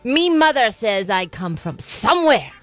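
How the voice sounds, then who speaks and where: Growling pirate, put on by a woman, slow and lively in pitch. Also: soft background music. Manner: growling, drawn-out. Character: swaggering female pirate, growling.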